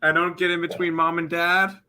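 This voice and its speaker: A man's voice: a little high, little pitch movement, brisk, a crowd in the background. A man co-hosting a sports betting show, chatting casually with dry wisecracks. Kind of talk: casual chat.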